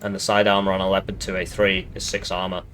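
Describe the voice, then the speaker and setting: A man's voice: deep voice, completely flat delivery, fast talker, fairly bright tone, slight background noise. A man casually commenting on a strategy game match, thinking aloud and drifting into side tangents.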